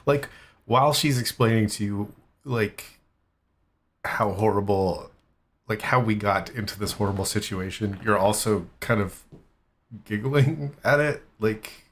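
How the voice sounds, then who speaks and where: A man hosting a stream, chatting casually and rambling in a relaxed, giggly way as he reacts to clips. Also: fairly low pitch, slow, pauses often. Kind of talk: casual live-stream chat.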